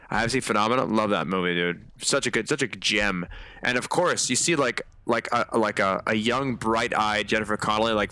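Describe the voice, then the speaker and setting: A man's voice: on the low side, bright, forceful tone, dry recording. A man giving chatty live commentary on a horror game, swearing often and talking to his viewers. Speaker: game streamer.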